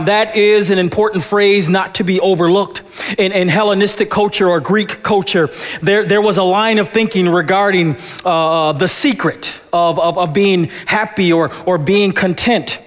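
Slow, emphatic preacher in a reverberant church. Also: male voice, sits high. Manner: emphatic preaching with rhythmic repetition. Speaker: pastor. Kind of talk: sermon. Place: church sanctuary.

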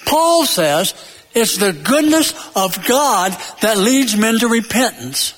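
A man preaching a sermon, emphatic, building to loud peaks and then dropping low, with stories and jokes along the way. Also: big pitch swings, slow pace, big-room sound.

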